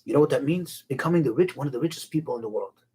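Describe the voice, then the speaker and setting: A male teacher telling a fable in an animated, dramatic way. His voice is breathy, and he pitches it at an ordinary middle height. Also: rapid-fire. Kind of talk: storytelling lesson.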